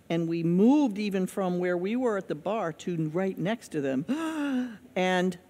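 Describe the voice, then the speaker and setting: A woman's voice: mid-range voice, a little mellow. A middle-aged woman pastor preaching a sermon in a conversational, emphatic way, with repeated phrases and questions to the congregation. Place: church sanctuary. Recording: long echo of a church hall.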